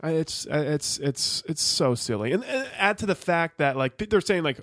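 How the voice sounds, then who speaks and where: A man's voice: a little high, lively intonation, normal speed, fairly bright tone, no echo, clean studio sound. A man co-hosting a casual podcast, rambling and cursing, with lots of restarts and fillers. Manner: rambling and profane, full of restarts and "like". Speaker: podcast co-host. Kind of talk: casual chat.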